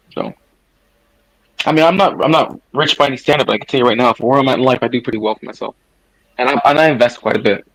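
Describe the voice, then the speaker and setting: A man's voice: medium pitch, brisk, long pauses, a bit bright, poor audio. A man in his thirties from the United States, talking casually on a voice chat, rambling and emphatic, swearing now and then. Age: 30s. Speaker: guest caller in a voice chat. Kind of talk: casual political debate on a voice chat.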